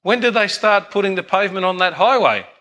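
A man's voice: high-pitched, lively intonation, fairly quick, pushed and bright, pitched above the performer's own voice. A man voicing a boastful American man in a joke, brash and scornful.

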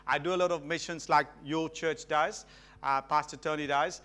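A man's voice: fairly high pitch, moderate pace, clear, resonant tone. A middle-aged man from Mauritius, preaching a sermon as a guest and calling for responses from the congregation. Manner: animated, calls for audience responses.

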